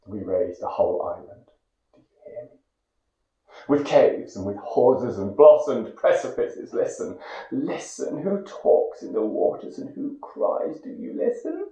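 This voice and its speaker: Male poetry reciter, low voice, slow and intense, hush-to-cry swings; echoey, muffled lo-fi take. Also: sing-song. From Great Britain. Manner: slow, intense, swings between hushed whispers and loud cries. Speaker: poetry reader. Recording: echoey, dull lo-fi recording.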